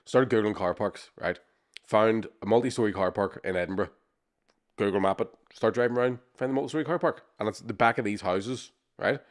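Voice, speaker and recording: A man chats on a podcast, spinning a sweary, animated story. He talks quickly and throws himself into the voices of the people he quotes. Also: fairly low pitch. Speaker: podcast co-host. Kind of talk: casual storytelling chat.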